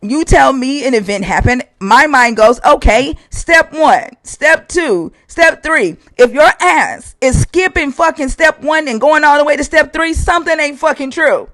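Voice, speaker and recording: A man with a high, insistent voice cross-examines a caller on his live stream. He curses constantly and hammers the same question over and over. The sound is dry and close to the mic. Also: normal speed, hardly any pauses, bright, forceful tone, dry recording. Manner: profane, interrogating, repeats questions insistently. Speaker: stream host. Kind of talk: heated debate on a live stream.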